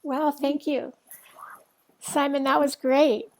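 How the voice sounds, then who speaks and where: A woman closes an online literary reading with casual, meandering thanks. Her voice sits high with a creaky edge, and she pauses often on fillers. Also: little pitch movement, poor audio. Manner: warm, halting, many fillers. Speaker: event host. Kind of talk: casual closing remarks.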